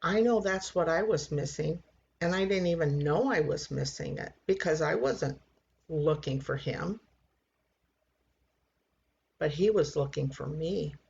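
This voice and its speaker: A woman in her sixties giving an earnest personal faith testimony, halting and repeating words as she tells it. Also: low voice, vocal fry, darkish tone, muffled recording. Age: 60s. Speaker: church member giving testimony.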